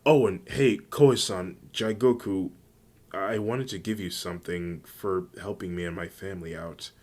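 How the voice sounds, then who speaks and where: A man voicing a cheerful teenage hero girl in a fan-made story reading, raising his low voice to sound eager and friendly. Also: fairly even intonation, unhurried, darkish tone. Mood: grateful.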